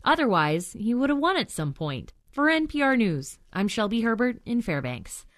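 A woman's voice: a little high, very animated, normal speed, a bit bright, no echo, studio quality. Woman field reporter for radio news.

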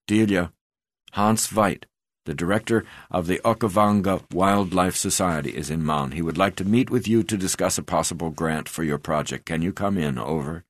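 Brief: matter-of-fact radio caller read by a man, low voice, no room sound. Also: normal speed, no room sound, studio quality. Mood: businesslike. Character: woman relaying news over radio.

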